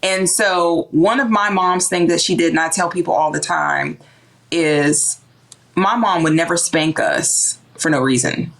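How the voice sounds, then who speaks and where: Woman, low voice, animated, casual talk, acts out voices. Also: measured pace, low-quality recording. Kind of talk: casual conversational discussion.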